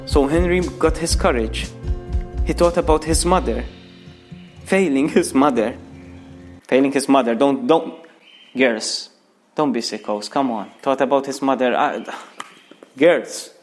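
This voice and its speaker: A man's voice: mid-range voice, a little slow, long pauses, soft background music. A young man reading a crude comic story aloud, breaking off for mocking asides to the listener. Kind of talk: mock bedtime story reading.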